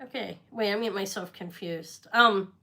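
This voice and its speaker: A woman's voice: mid-range voice, moderate pace, bright, forceful tone. A middle-aged woman selling jewelry on a live stream, chatting casually and rambling with muttered asides. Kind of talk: casual live sales chat.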